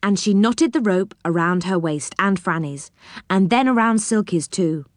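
A woman reading a children's story aloud in an expressive, animated way. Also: mid-range voice, moderate pace, no echo, clean studio sound.

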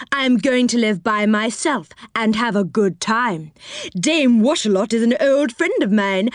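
A woman's voice: a little high, no echo, studio quality, pitched above the performer's own voice. A woman voicing a cross-faced, crabby old woman who snaps and scolds. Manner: snappish, scolding.

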